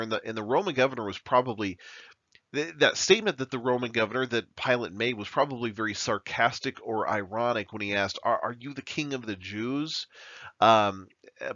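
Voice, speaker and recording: A man's voice: mid-range voice, a bit bright, dry recording. Guy preaching a bible study, lots of uhs and restarts, muffled dry sound. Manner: plain teaching with frequent fillers and restarts. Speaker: pastor. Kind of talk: verse-by-verse Bible teaching.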